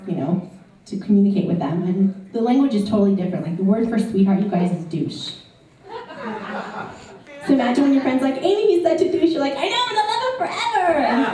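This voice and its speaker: A woman's voice: medium pitch, dark tone, very echoey, distant mic, rough recording. A woman performing a stand-up comedy set in a club, chatty and ironic, full of "like" and "you know".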